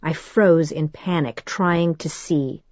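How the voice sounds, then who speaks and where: Low-voiced woman narrating an audiobook. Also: slow, a little mellow, no echo, muffled recording. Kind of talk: first-person audiobook narration.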